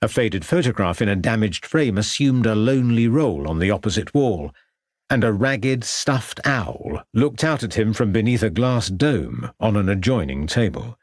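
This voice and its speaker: A man reading a crime audiobook in a measured, descriptive way. His voice is low and husky, and it moves through a wide, expressive pitch range. The recording is dry and close. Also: no room sound. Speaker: audiobook narrator. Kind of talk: scripted narration.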